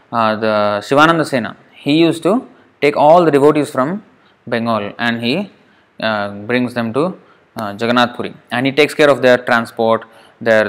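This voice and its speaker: A man's voice: mid-range voice, a bit bright. A man speaking at a temple, telling a sacred story in a conversational sermon, acting out the quotes and asking the listeners questions.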